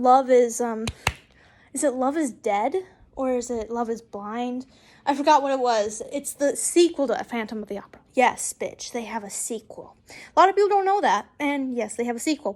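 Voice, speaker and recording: A young woman in her twenties reading fanfiction aloud, breaking off for giggly, chatty asides and cheerful swearing. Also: high-pitched. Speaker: fanfiction reader and YouTuber.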